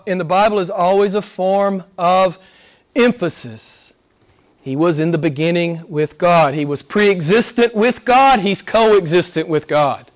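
A middle-aged man preaching a sermon, his voice sitting notably high for a man. He drives his points home with emphatic lists and slows down to read scripture aloud. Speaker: pastor.

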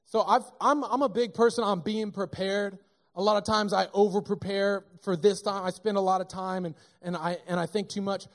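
High-voiced man preaching an animated sermon. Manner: animated, joking, conversational. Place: church sanctuary.

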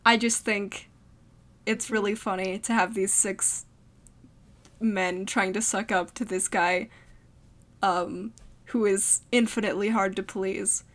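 A woman's voice: mid-range voice, steady tone, slow pace, long pauses, a bit bright. A young woman co-hosting a casual comedy podcast, giggly and playful, chatting about sketches with her friend. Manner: giggly, playful, breaks into goofy put-on accents. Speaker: podcast co-host.

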